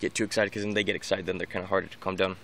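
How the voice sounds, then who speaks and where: Deep, gravelly male vlogger; loose rambling delivery full of restarts; faint background hiss. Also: little pitch movement, racing, a bit bright. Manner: rambling, many restarts and repeated words. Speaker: dog owner giving training tips. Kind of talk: casual unscripted vlog monologue.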